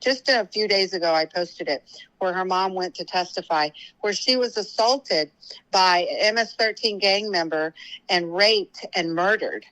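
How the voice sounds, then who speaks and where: A woman with a bright, forceful voice talks politics as a guest on a show. She sounds tired and rambles, stopping and restarting her sentences with plenty of fillers, and her words come out heated. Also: on the low side, unhurried, poor audio. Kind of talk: casual political talk.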